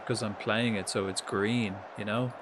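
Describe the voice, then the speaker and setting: A man giving casual, swear-laden commentary while playing a football management game live, reacting loudly to the match. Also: on the low side, fairly even intonation, normal speed, noisy background. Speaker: streamer.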